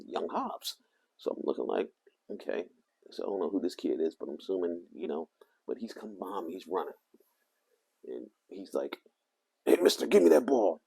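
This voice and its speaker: Guy rambling thru a story on his vlog, low gravelly voice, gets loud then quiet, pitch jumps all over. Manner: animated, swinging from loud to hushed as he retells. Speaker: vlogger.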